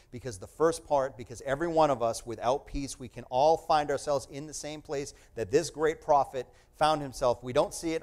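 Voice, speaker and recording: A middle-aged man preaching a sermon, reading scripture aloud and explaining it, sometimes proclaiming loudly and sometimes dropping to a hush. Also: medium pitch.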